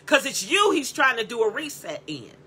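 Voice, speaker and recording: Fervent high-voiced woman preaching. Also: big pitch swings, moderate pace, sharp tone, husky. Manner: fervent, repetitive exhortation with cries of praise; blunt, scolding and direct. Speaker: prophetic teacher and preacher. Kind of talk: impassioned sermon.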